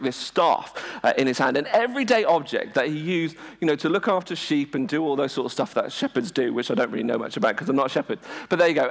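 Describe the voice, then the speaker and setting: A man preaches with a high, animated voice that swoops up and down as he tells stories. He mixes humour and self-mocking asides into his sermon. The sound carries the long reverb of a large hall. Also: vocal fry. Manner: lively, humorous, self-deprecating storytelling. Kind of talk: sermon with storytelling.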